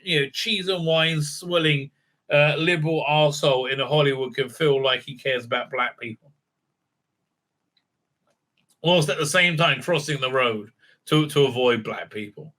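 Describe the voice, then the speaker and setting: A man reviewing a TV episode in a sarcastic, profane rant, halting with many fillers. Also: fairly high pitch, a bit bright. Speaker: TV show reviewer. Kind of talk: ranting recap and review.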